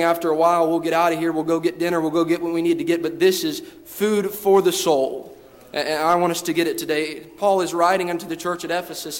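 A man preaching a sermon, reading scripture and building to fervent, repeated calls, often restarting his phrases. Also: on the high side. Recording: long hall reverb.

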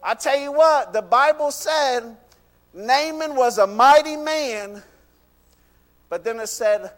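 High-voiced fervent man preaching. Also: slow pace, fairly bright tone. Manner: fervent, repeats "you know what" and "I tell you". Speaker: pastor. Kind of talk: sermon. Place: church. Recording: long reverb of a church hall.

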